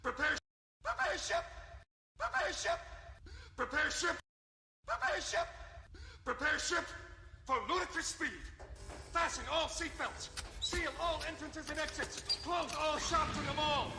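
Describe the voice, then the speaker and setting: A frantic, high-strung ship commander, barking shrill orders in a comedy film. His voice is piercingly bright and leaps all over. The clip rings with long, roomy reverb. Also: expressive, measured pace, pauses often, exaggerated voice. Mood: panicked shouting.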